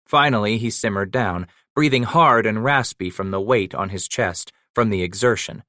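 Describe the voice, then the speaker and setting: A man reading a western audiobook in steady, measured scripted narration. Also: lowish voice, dry recording. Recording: dry close studio recording.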